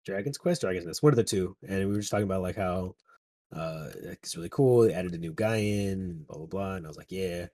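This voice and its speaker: A young man chatting casually with friends, telling animated stories, laughing and swearing freely. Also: sits low, quick pace, no room sound.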